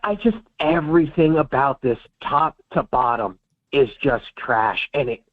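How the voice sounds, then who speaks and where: A man's voice: medium pitch, unhurried. A man co-hosting a casual sports talk show, ranting in a heated way with a lot of swearing. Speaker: podcast co-host. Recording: tinny phone-like call line.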